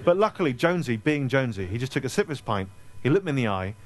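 A man in his thirties tells funny stories to a live audience at a store event. His voice sits in an ordinary middle register, and he talks in a lively, self-deprecating way. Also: mid-range voice, rapid-fire. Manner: self-deprecating, animated anecdote-telling. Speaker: author speaking at a store event. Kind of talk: comic storytelling to a live audience.

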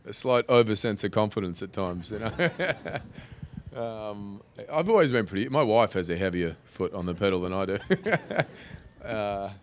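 A man's voice: on the low side, lively intonation, measured pace, slight background noise. A man, an actor on a film panel, answering audience questions in a rambling, self-interrupting, amused way. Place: stage panel before an audience.

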